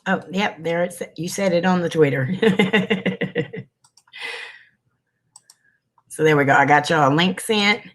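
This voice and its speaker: A man with a voice on the high side and a fairly bright tone runs a casual livestream at a brisk clip. He talks with his viewers, calls them by name, and sniffles occasionally.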